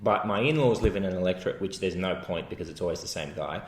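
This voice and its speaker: Australian man, low-pitched comic co-host, echoey room. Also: fast. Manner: rambling storyteller, laughs often. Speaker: podcast co-host. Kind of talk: casual comedic chat.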